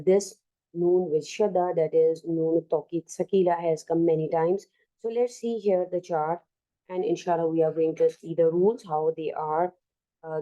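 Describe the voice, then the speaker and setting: A woman with a South Asian English accent teaching an online Arabic grammar lesson, explaining slowly with many fillers and restarts. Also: low voice, narrow, tinny audio.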